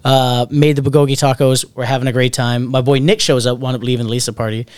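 A man's voice: mid-range voice, fast, clear, resonant tone, no room sound. Profane storytelling man, dry close sound. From Alabama family roots. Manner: profane, animated anecdote-telling with acted quotes. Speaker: podcast host. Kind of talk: casual storytelling chat.

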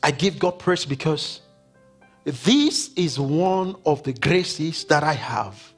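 A male pastor preaching a sermon in a church, swinging from loud declarations to hushed, whispered words. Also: on the high side, animated, takes it slowly, breathy edge. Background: faint keyboard music.

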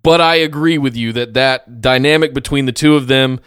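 A man's voice: mid-range voice, steady tone, normal speed, fairly bright tone, clean tone, no room sound. A man co-hosting a casual chat, laid-back with dry humor and hesitant restarts. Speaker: podcast co-host.

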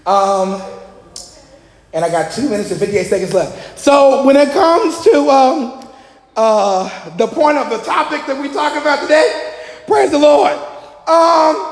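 A man preaching a lively sermon to a congregation, energetic and joking, often shouting out to the room. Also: very high voice, measured pace. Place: church hall. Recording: echoey hall with long reverb.

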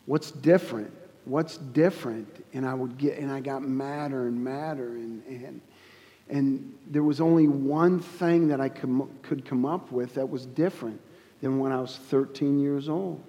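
A man giving a personal testimony at a church service, telling his story in an earnest, halting way with frequent restarts. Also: medium pitch, steady tone, dark tone, long reverb tail. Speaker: guest speaker giving testimony.

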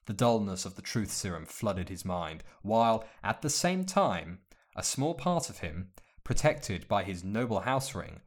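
A man narrating a fantasy story in a measured, steady way. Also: fairly low pitch. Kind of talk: audiobook narration of fan fiction.

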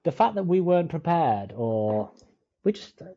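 A man's voice: fairly high pitch, very animated, moderate pace, warm tone, no echo. Laid-back man co-hosting a podcast, dull dry sound. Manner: laid-back, swears, says "mate". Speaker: podcast co-host. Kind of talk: casual chat. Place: in Dublin, remote call.

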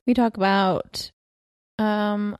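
A woman in her twenties co-hosting a home podcast with her husband, talking in a relaxed, giggly way full of "like" and "um". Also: medium pitch, extremely slow, clear, resonant tone, no room sound, clean studio sound. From California. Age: 20s. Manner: laid-back, giggly, filler-heavy. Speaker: podcast co-host. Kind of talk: casual chat. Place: bedroom at home.

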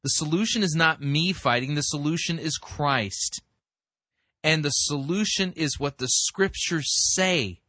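A man commenting critically on a sermon, explaining scripture in a measured way. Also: a little high, animated, bright, forceful tone, dry recording, studio quality. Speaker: sermon reviewer.

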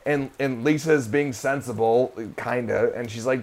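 A man's voice: medium pitch, normal speed, hardly any pauses, darkish tone. A young man co-hosting a casual podcast, rambling through a recap with lots of swearing, fillers and restarts, often breaking into laughter. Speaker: podcast co-host recapping an episode. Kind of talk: casual chat.

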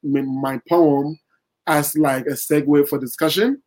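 Guest poet, male, chatty and rambling, voice a touch high. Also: steady tone, unhurried, darkish tone, poor audio. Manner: rambling, many fillers and restarts. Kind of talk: casual interview talk.

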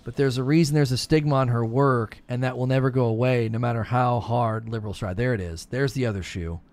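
A man's voice: brisk, darkish tone. A man delivering emphatic opinion commentary, repeating and restarting his points and getting more heated as he argues. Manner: grows more heated and rises in pitch as he argues.

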